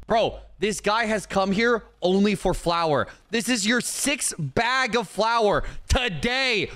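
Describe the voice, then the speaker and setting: Loud, swinging young man gaming. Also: high voice, expressive, measured pace, hardly any pauses. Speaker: gaming YouTuber. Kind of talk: comedic gameplay commentary.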